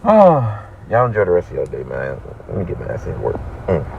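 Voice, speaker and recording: A man's voice: low-pitched, huge pitch swings, a little fast, vocal fry, highs cut off, slight background noise. A man making a casual reaction video, laughing and talking in slang.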